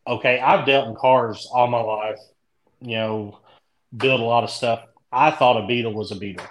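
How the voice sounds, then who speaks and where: A middle-aged man from Indianapolis with a Kentucky country accent, a podcast guest chatting loosely and telling stories in a drawn-out, rambling way. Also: medium pitch, steady tone, poor audio. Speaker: guest, dent repair tech. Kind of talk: casual podcast chat.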